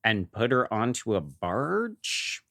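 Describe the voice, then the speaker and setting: A man on a podcast unpacking a film with animated, expressive delivery. His fairly low voice swings widely in pitch. The recording is dry and close. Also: slow, no echo. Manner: animated, analytical, laughs often. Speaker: podcast co-host. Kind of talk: casual comedic film discussion.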